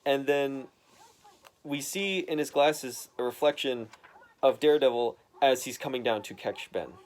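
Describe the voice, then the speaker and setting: A man's voice: mid-range voice, measured pace, slight background noise. A man casually recapping a comic book story, rambling with lots of fillers and swearing.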